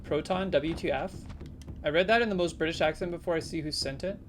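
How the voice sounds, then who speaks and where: A woman with a deep voice streams a game live, talking fast and chatting playfully with viewers while breaking into sudden loud exclamations. Background noise can be heard.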